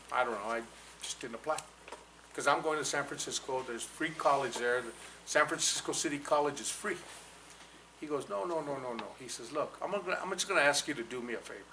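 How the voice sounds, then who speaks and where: A man in his sixties from New Mexico, telling an animated personal story to a live audience at a college fireside chat and slipping into Spanish for quoted lines. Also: fairly high pitch, a little hiss or hum, low-quality recording. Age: 60s. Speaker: guest speaker. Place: college event hall with audience.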